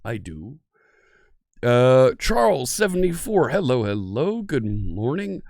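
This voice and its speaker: Male live-stream host, casual and talkative, warmly greeting chat by name, very animated intonation. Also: medium pitch, slow, creaky, dry recording, studio quality. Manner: chatty, greets viewers one by one.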